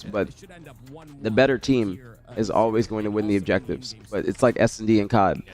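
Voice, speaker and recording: Congested low-voiced male streamer. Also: normal speed. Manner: relaxed, rambling, talks to chat by name. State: congested from a cold. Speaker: streamer hosting a watch party. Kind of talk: casual stream chat reading chat messages.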